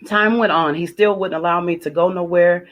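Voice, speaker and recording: A woman's voice: on the low side, fairly even intonation, normal speed. A woman sharing her personal testimony, telling it with emotion, repeating key phrases and acting out her own prayers.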